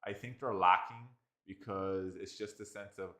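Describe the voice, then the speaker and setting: An Irish man giving a casual spoken software review, rambling with constant fillers and restarts. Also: deep voice, steady tone, normal speed. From Ireland.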